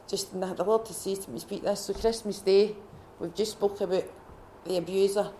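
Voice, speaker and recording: A Scottish woman speaks to a retreat gathering, telling her own faith story. Her delivery is heartfelt and halting, full of restarts and self-corrections. Her voice sits at an ordinary middle pitch, with a faint hum of noise behind her. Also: fairly even intonation, mellow. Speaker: retreat participant sharing testimony. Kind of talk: personal faith testimony.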